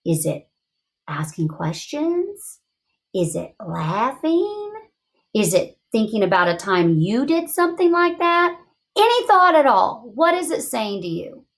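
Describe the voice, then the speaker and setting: A woman teaching young children in a read-aloud lesson, asking questions in an expressive, encouraging way. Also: on the high side, measured pace.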